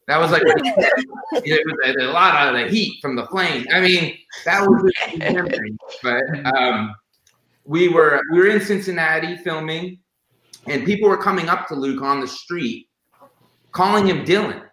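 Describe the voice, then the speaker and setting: On a podcast, a guest casually tells personal stories about a late friend, emotional and near tears, with lots of fillers and restarts. His fairly high voice is expressive and unhurried, heard in a roomy space with background noise.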